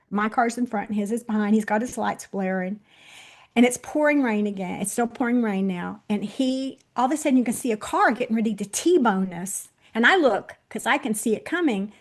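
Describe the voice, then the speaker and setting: A woman in her sixties, a guest on the show, telling a personal story straight to viewers, swinging between loud bursts and hushed moments. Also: on the high side. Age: 60s. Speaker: interview guest.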